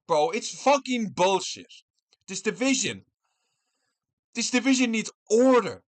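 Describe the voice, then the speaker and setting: A man's voice: high voice, lively intonation, measured pace, long pauses. A man hosting his own channel, ranting angrily and swearing constantly in a heated commentary vlog from his room at home. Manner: angry, profane, heated ranting. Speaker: MMA commentator, channel host.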